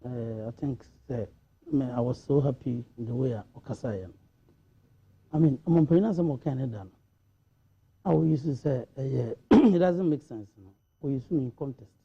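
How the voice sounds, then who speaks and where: A man's voice: medium pitch, slightly rough, phone-quality sound. A man with a Ghanaian accent, a panelist in a studio discussion, talking animatedly and switching between Twi and English.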